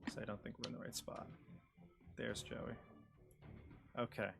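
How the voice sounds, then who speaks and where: A man's voice: lowish voice, flat delivery, measured pace, creaky, fairly bright tone, faint music behind. Easygoing man running a tabletop game. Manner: easygoing, explains rules patiently. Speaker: dungeon master. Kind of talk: running a tabletop game over a video call. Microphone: video call.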